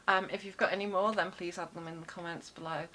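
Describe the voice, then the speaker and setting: A woman's voice: fairly low pitch, fairly even intonation, fast talker, pushed and bright, a little hiss or hum, rough recording. A woman vlogger telling stories in a casual, rambling way, full of jokey asides and self-corrections. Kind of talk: casual chatty storytelling.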